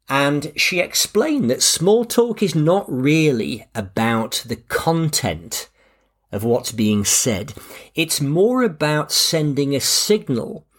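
A man hosting a podcast. He speaks in a relaxed, anecdotal and self-deprecating way. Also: mid-range voice. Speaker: podcast host. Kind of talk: scripted podcast narration.

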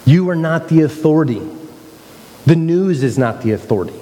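Male pastor, conversational sermon delivery, slightly raised pitch. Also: animated, moderate pace, mellow, big-room sound. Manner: conversational preaching with playful mock quotes.

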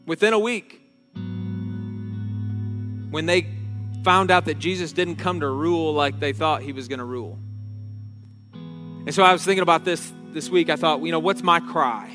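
A man giving a sermon as a pastor, earnest and unhurried, often restarting phrases and slowing down on key words. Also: fairly high pitch, bright, forceful tone. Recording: long reverb with faint guitar music.

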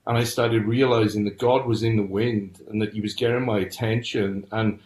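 A man's voice: on the low side, fairly even intonation, normal speed, darkish tone. A middle-aged man earnestly telling his personal story as a podcast guest. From United Kingdom. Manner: earnest storytelling, frequent restarts. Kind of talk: personal testimony. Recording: roomy echo.

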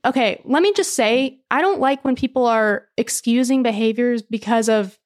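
A woman co-hosting a podcast in easy, casual chat. Her voice sits a little high. She talks bluntly, with a sardonic edge. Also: moderate pace, darkish tone. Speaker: podcast co-host.

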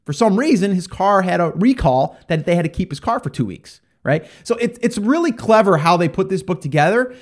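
A man's voice: high-pitched, lively intonation, brisk, few pauses. A man giving a casual motivational talk to listeners, rambling and conversational with lots of fillers and restarts. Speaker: parent talking to listeners.

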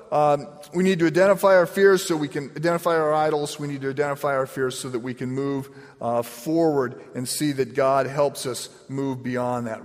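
Pastor preaching in an echoing hall. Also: male voice. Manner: storytelling with lively, animated swings in pitch. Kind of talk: sermon. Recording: long reverb of a large hall.

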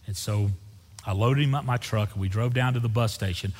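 Guy preaching in a church, husky voice, lots of reverb, acts out the story. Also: on the low side, a little fast. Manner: animated storyteller acting out dialogue. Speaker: pastor. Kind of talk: sermon with storytelling.

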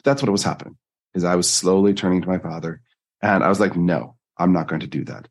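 A man, a life coach, telling personal stories in an earnest, animated interview style. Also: fast. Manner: earnest, animated storytelling with jumps in pitch. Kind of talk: conversational interview storytelling.

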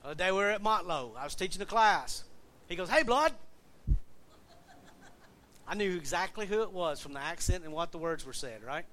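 A pastor from the American South with a Southern accent preaches in a relaxed, folksy way, chatting with his congregation and quizzing them as he goes. His voice sits a little higher than most men's. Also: fast talker. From Southern United States. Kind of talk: sermon.

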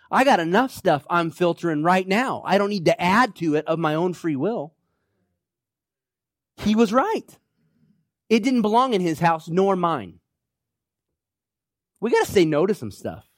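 A man's voice: on the high side, lively intonation, normal speed, long pauses, dry recording, studio quality. A middle-aged male pastor preaching a sermon in a conversational way, often checking in with rhetorical questions.

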